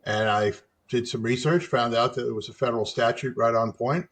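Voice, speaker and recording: A middle-aged man speaks as a guest attorney in a relaxed interview. His delivery is measured and halting, broken up by frequent "uh" fillers. His voice sits at an ordinary pitch for a man. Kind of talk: conversational interview.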